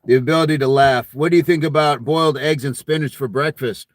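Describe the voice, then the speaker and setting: A man's voice: a little high, brisk, no room sound, clean studio sound. Jokey man hosting a live chat. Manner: jokey and friendly, laughs often between remarks. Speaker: fitness channel live stream host. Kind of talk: casual live-stream chat reading viewer comments.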